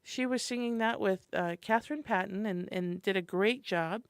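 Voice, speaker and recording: A woman's voice: medium pitch, normal speed, no echo. Chatty woman radio co-host, dry studio sound. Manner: chatty and enthusiastic, reading a calendar. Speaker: radio morning show co-host. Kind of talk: community events rundown on radio. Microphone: studio microphone.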